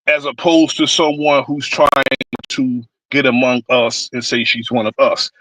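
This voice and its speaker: A man's voice: mid-range voice, normal speed, a bit bright, no room sound, rough recording. A man on a live stream giving a blunt, rambling political rant, cursing freely. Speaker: stream panelist.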